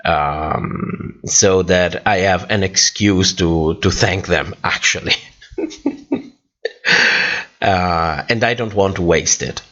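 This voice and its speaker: A tired man with a very deep voice hosts a relaxed livestream, unhurried and rambling through fillers as he reads comments. His voice sounds worn out, and the dull, lo-fi stream audio takes the edge off it. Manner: rambling, many fillers and restarts. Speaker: livestream host. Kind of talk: casual livestream chat reading comments.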